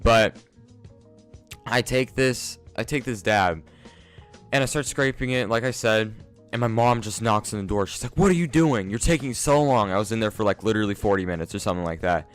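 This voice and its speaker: A man's voice: lowish voice, brisk, fairly bright tone, clean tone. A young man telling a casual, profane, self-mocking story to his viewers. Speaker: vlogger. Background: faint instrumental music.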